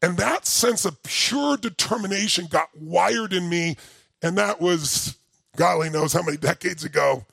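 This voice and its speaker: A middle-aged man giving an animated, emphatic motivational talk to a live audience, rising to near-shouting as he tells a story. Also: sits high, a little slow, creaky, breathy edge, no echo. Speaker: motivational speaker.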